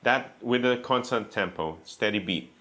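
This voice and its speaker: Patient low-voiced man teaching guitar. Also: unhurried. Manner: patient, counts beats aloud, says okay often. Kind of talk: instructional guitar lesson. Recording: loud guitar playing behind the voice.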